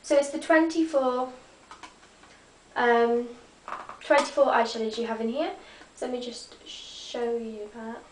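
A woman's voice: fairly high pitch, steady tone, measured pace, long pauses, recorded from a distance, slight background noise. A teenage girl, chatting casually and rambling as she shows off her makeup. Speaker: beauty vlogger. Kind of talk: casual makeup show-and-tell. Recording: echoey room, voice off-mic.

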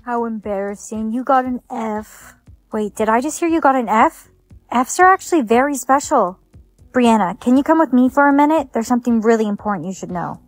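High, dry text-to-speech woman for storytime clips, reading all the roles evenly. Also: lively intonation, fairly quick, no room sound, faint music behind. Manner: evenly paced synthetic delivery voicing every role. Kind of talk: scripted storytime narration.

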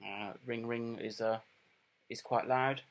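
A middle-aged man giving a casual product review, plain and unhurried, with many ums and repeated words. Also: mid-range voice, fairly even intonation. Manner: plain, unhurried and matter-of-fact.

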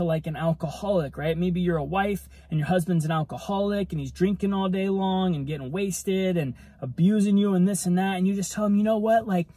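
Guy with a high kinda husky voice, chatty bible teaching, keeps saying right?, dry sound. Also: warm tone, no echo. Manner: conversational, tags almost every point with "right?". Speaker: ministry preacher. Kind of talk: casual devotional teaching.

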